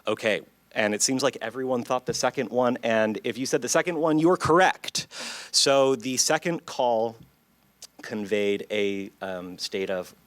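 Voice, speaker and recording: Man, psychology professor, conference talk, clear, engages the audience, dry sound. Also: mid-range voice, expressive, unhurried, a bit bright, dry recording. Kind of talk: conference presentation. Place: lecture hall.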